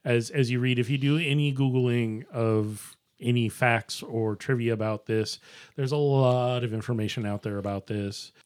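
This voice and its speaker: A man chatting on a podcast, eagerly passing along trivia in quick bursts. His pitch is ordinary and his tone is relaxed and conversational. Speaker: podcast co-host. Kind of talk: casual chat.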